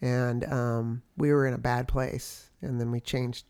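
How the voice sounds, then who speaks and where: Reflective pastor husband in casual talk. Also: male voice, medium pitch, little pitch movement, a little slow, a little mellow, clean tone. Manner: reflective, affirming, with fillers. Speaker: pastor, podcast co-host. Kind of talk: casual conversation with spouse.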